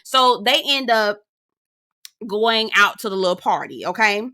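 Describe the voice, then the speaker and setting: A woman's voice: mid-range voice, unhurried, bright, forceful tone, no room sound, studio quality. A woman giving a blunt, sassy, profanity-laced recap of a reality TV episode. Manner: sassy, blunt, swears freely, acts out quotes. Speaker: reality TV reviewer. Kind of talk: casual recap commentary.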